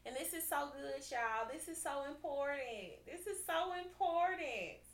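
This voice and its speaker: A woman hosting a podcast in casual chat, reading scripture aloud and talking it over in an animated way, repeating her lines and checking in with her listeners often. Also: high-pitched, unhurried, echoey room. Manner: animated and chatty, repeats lines and keeps asking "right?". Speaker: podcast host.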